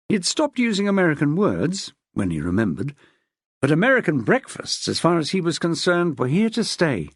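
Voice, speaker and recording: A woman narrating a crime novel in a measured, expressive reading. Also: low-pitched, breathy edge, no room sound, studio quality. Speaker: audiobook narrator. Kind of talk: scripted narration.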